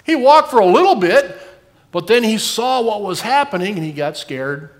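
A man's voice: high voice, lively intonation, moderate pace. An older man giving a children's sermon, asking the kids questions as he tells the story. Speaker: pastor giving a children's message.

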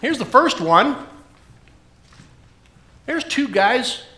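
A man's voice: extremely high pitch, drawn-out words, roomy sound. A man who is a pastor giving a children's sermon, asking the kids questions and cheering them on. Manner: animated, questioning, encouraging toward kids.

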